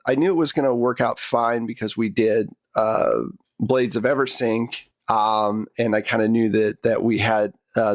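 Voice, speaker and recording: Low-voiced man chatting about his campaign. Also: no room sound. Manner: rambling, full of restarts and fillers. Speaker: tabletop game player. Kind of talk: casual discussion of a finished campaign.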